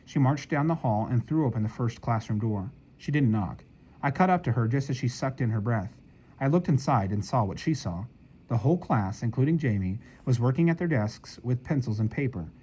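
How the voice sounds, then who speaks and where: Mellow-voiced man narrating a novel. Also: mid-range voice, lively intonation, breathy edge, rough recording. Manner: measured storytelling. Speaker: audiobook narrator. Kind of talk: scripted narration.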